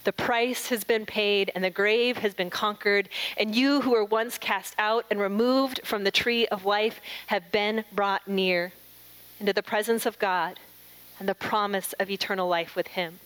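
A middle-aged woman preaching an earnest, emphatic sermon, slowing and softening her voice on scripture quotes. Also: medium pitch, steady tone, clean tone, poor audio.

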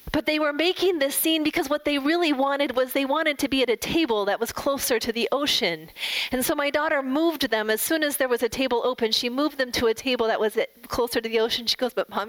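A middle-aged woman giving a devotional talk, gentle and reflective, telling a family story and closing in prayer. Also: fairly high pitch, no echo, rough recording. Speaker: devotional speaker.

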